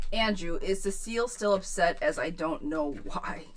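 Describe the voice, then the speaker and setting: A woman giving a live-stream tarot reading. She reads viewers' questions aloud and answers them bluntly, swearing freely. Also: fairly low pitch. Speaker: tarot reader.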